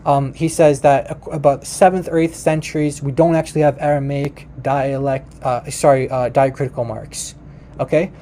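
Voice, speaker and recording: Emphatic man, dark-toned, commentating a video. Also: medium pitch, flat delivery, normal speed, a little hiss or hum. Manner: emphatic, corrects himself often, addresses viewers as guys. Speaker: host reacting to a video.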